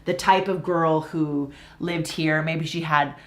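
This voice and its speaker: Brief: woman from LA, low-pitched, chatty teacher with plenty of "um" and "like". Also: fairly even intonation, slow pace, fairly bright tone. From Los Angeles, USA. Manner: chatty, explains with many fillers. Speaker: English teacher and co-host. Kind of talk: casual explaining chat.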